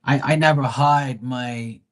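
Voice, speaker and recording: Bermudian guy chatting on a live stream, slangy, animated, talks like he's telling stories to friends. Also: medium pitch, takes it slowly. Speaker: live tarot reader. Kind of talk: casual live-stream chat.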